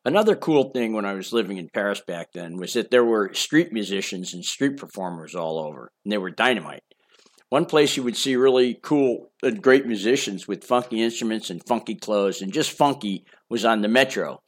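A man's voice: lowish voice, animated, normal speed. An older man reading his memoir aloud in a casual, boastful storytelling manner with chatty asides. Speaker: memoir narrator.

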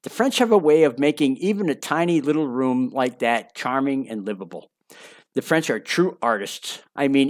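A man narrating his own memoir in a conversational way, with wry asides and phrases repeated for emphasis. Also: mid-range voice.

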